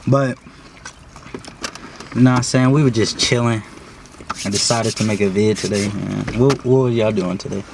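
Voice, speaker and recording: A man's voice: lowish voice, steady tone, moderate pace, vocal fry, pauses often. Laid-back young man hosting a vlog. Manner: laid-back slangy talk, laughing with friends. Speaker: vlog host. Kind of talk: casual mukbang chat. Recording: loud background noise.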